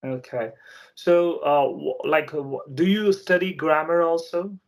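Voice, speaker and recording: A man's voice: fairly high pitch, steady tone, measured pace. A man, a teacher from India chatting casually and asking patient, friendly questions, often laughing. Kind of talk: casual interview chat.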